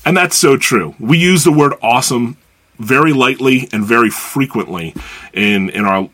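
A man's voice: mid-range voice, normal speed, sharp tone. An American man preaching a sermon as a pastor, earnest and conversational as he teaches and reads scripture. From United States.

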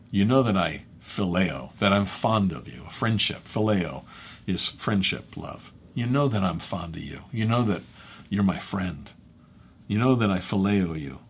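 Husky, low-voiced man teaching scripture. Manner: conversational, halting, with fillers and self-corrections. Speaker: pastor. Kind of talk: bible teaching.

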